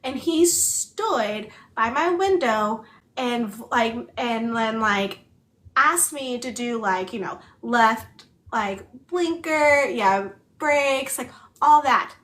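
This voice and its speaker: A woman's voice: fairly high pitch, expressive, slow, a bit bright. A woman co-hosting a book club, chatting casually in a rambling way full of filler words while she also signs. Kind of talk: casual chat.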